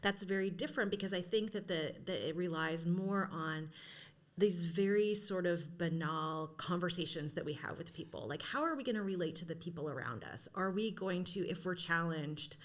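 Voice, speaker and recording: A woman's voice: fairly low pitch, normal speed. A middle-aged woman lecturer speaking as a podcast guest, reflective and hedging often with "sort of" and "right?". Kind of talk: thoughtful conversational discussion.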